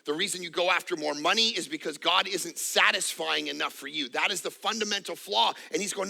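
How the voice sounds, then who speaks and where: Pastor, man, 40s: sharp, bright-edged voice, high-set, emphatic repeating sermon delivery with quips. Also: brisk, gravelly, hardly any pauses. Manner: emphatic, repetitive, joking asides.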